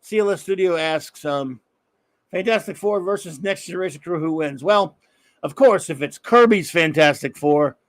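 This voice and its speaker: A man's voice: a little high, normal speed, dry recording. A middle-aged man hosting a live stream, rambling and joking as he answers chat comments. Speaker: live-stream show host.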